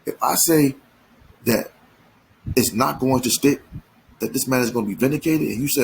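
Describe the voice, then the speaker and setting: A man's voice: medium pitch, normal speed, creaky, pauses often, a little hiss or hum, low-quality recording. A man giving an emphatic, slangy commentary monologue, full of repeats and restarts. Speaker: commentary channel host.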